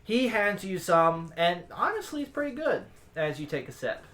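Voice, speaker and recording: A man's voice: high voice, big pitch swings, moderate pace, fairly bright tone. A man narrating as game master of a tabletop game, casual and joking.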